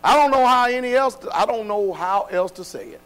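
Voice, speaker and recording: A man preaching a sermon, dropping to quiet, low passages and then building to loud, shouted exhortation. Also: brisk, clean tone, poor audio.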